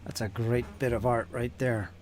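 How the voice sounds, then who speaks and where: A man's voice: mid-range voice, flat delivery, moderate pace, a little mellow, a little hiss or hum. A man hosting a live stream, chatting casually and muttering to himself while he paints miniatures. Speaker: channel host painting miniatures.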